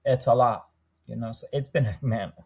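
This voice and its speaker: A man's voice: medium pitch, moderate pace, vocal fry, mellow, slightly rough. A man who owns a window treatment business, a podcast guest who chats casually, laughs often and acts out the voices in his stories. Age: young adult. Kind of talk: casual interview talk.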